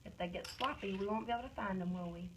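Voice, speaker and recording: A woman reading teacher giving a one-on-one phonics lesson, stretching out sounds slowly and praising often, recorded on a phone camera. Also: mid-range voice, slight background noise, poor audio. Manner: slow, drawn-out modeling of sounds and words; encouraging praise.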